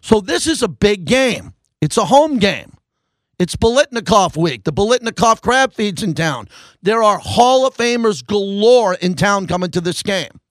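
A sports talk radio host with a high, tenor-ish male voice rants into a studio microphone. He is fired up, his delivery swinging between loud bursts and low grumbles. The sound is dry and close, with no room around it. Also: lively intonation, a little slow, no room sound.

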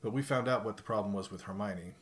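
A man casually telling a profane, animated story in a chat, laughing along as he goes. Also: on the low side, fast.

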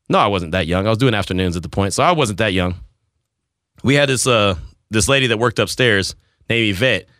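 A man's voice: medium pitch, sharp tone, dry recording, studio quality. A man hosting a radio show, telling a rambling story in casual banter and laughing at himself.

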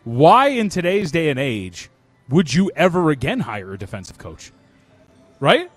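Opinionated male radio co-host, slightly high voice. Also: wildly swooping pitch, unhurried, no echo, soft background music. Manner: opinionated, emphatic, self-mocking. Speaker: radio sports talk co-host. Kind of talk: casual sports radio banter.

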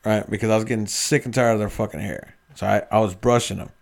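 Gravelly profane man. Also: fairly low pitch, steady tone, fast talker. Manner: profane, rambling storytelling. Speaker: podcast co-host. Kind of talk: casual chat.

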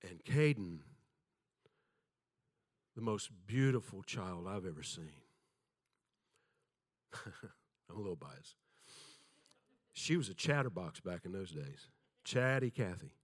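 Older man, preacher, low voice, folksy sermon storytelling, joking about himself. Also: very animated, slow pace, long pauses. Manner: folksy storytelling, self-deprecating humor, acts out quotes.

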